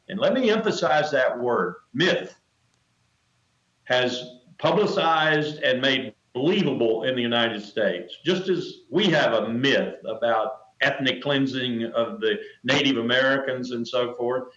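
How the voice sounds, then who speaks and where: An older man speaks with measured emphasis, leaning on repeated phrases to press his point. His voice sits in a middling register and comes through a dull, somewhat muffled remote connection. The room around him adds a noticeable echo. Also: mid-range voice, a bit bright. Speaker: interview guest, retired colonel. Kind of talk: remote news interview.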